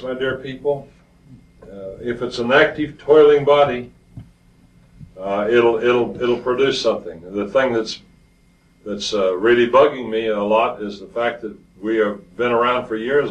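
An older man preaching a sermon in an earnest, halting way, often repeating words as he goes. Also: medium pitch, fairly bright tone. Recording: dull, roomy, distant from the mic.

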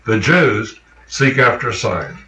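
A man's voice: lowish voice, very animated, unhurried, sharp tone, reverberant, poor audio. A man preaching a sermon, emphatic and questioning his congregation.

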